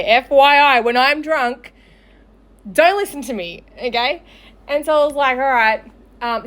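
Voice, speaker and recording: A young woman with a fairly high voice tells a story in loose casual chat. She talks in quick rambling bursts, swears freely, laughs through her lines and acts out what everyone said. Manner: chatty, swears freely, laughs often, restarts, acts out quoted dialogue. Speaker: storyteller on a live show. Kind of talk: casual chat, telling a funny anecdote.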